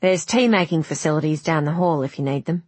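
A woman's voice: sits low, fairly quick, a little mellow, breathy edge, no room sound. A woman voicing a blunt, matter-of-fact night nurse in a storybook reading. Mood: brusque.

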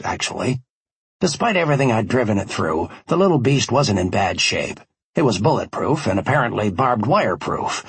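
A man narrates a first-person audiobook in a wry, conversational way. His voice is low and husky, and his pitch rises and falls freely. The recording is dry and close. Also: a bit bright, no echo.

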